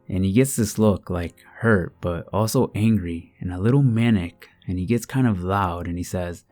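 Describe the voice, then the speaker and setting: A man reading submitted true scary stories aloud, with a steady, even delivery. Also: sits low, normal speed, few pauses, dry recording. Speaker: horror story narrator. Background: soft background music.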